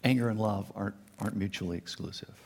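A man's voice: fast talker, gravelly, slightly rough. Man preaching in an echoing hall. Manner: animated, acts out quotes with raised pitch and volume. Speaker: pastor. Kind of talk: sermon. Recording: long reverb in a large hall.

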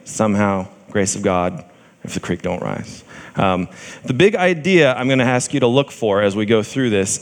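A man preaching a sermon as a pastor, conversational and joking, with frequent ums. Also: mid-range voice. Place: church sanctuary. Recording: long hall reverb.

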